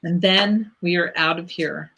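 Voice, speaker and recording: Woman host, slow easy talk, swears a lot, card-pulling chat. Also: lowish voice, fairly even intonation, creaky, bright, forceful tone, slight background noise. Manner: blunt, swears freely, laughs easily. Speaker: spiritual livestream host. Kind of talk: casual livestream chat, card reading.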